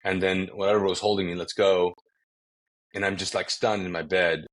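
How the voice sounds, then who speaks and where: A man from Kuwait speaks in a very low, deep register. He recounts his story conversationally as a pastor guest, acting out what people said and stumbling over restarts as he goes. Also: fairly even intonation, normal speed, a bit bright. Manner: vivid storytelling with acted-out quotes and frequent restarts.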